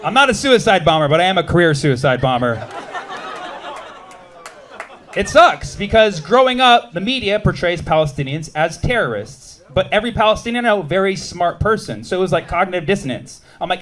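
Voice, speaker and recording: A man in his thirties from the United States doing a stand-up set, animated and punchy, with shouted bits and quick asides to the crowd. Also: sits high. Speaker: stand-up comedian.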